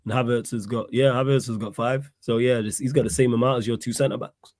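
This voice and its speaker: A man hosts a fan call-in show, talking fast and chiming in with easy agreement. His voice is mid-pitched, and the sound is dry and close. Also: steady tone, a little mellow, no room sound. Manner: agreeable, backs the caller up. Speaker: show host.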